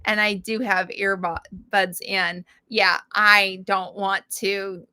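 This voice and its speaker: Middle-aged woman, casual livestream host, bright voice, unhurried, rambling, laughs a lot. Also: medium pitch, flat delivery, smooth. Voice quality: chatty, laughs often. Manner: rambling with many fillers and restarts.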